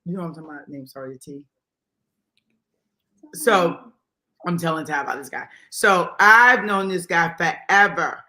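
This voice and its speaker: Raspy, bright-voiced brash woman. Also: on the low side, moderate pace, long pauses. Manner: brash, loud laughter, swears freely. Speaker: guest. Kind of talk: casual chat.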